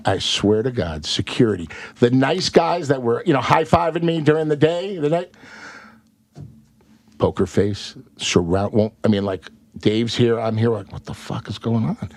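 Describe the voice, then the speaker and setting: Profane, animated man telling a story. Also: mid-range voice, normal speed, dry recording. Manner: animated, profane, rambling with restarts. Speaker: guest actor. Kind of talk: casual podcast storytelling.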